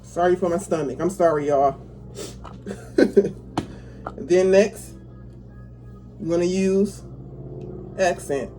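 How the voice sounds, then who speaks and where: Chatty home cook with a mellow voice. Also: mid-range voice, slow, long pauses, soft background music, rough recording. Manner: chatty, talks viewers through each step, laughs easily. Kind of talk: casual cooking tutorial. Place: home kitchen.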